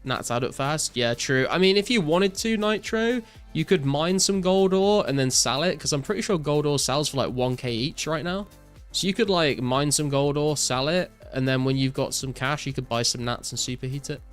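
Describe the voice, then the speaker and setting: Smooth-voiced young man streaming a game. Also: on the high side, normal speed, soft background music. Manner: relaxed, reads out chat messages and answers viewers with many fillers. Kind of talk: casual live-stream chat while gaming.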